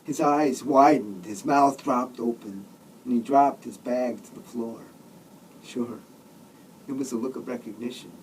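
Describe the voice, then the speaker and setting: A man's voice: medium pitch, unhurried, darkish tone, far from the mic, slight background noise, low-quality recording. A man, the author, reading his own comic novel aloud in a sardonic, grumbling manner with mock outbursts.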